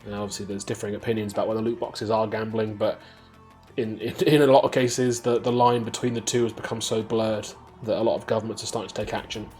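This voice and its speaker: A man hosting a weekly games news show, reading stories briskly and bantering with a co-host. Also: lowish voice, steady tone, darkish tone, faint music behind. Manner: brisk, reads headlines then banters.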